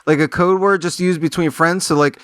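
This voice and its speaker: Man, fairly high voice, game show panelist, rambles through silly bits, dry close sound. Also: brisk, no echo. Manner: joking, rambling, deadpan absurd riffs. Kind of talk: improv comedy game show banter.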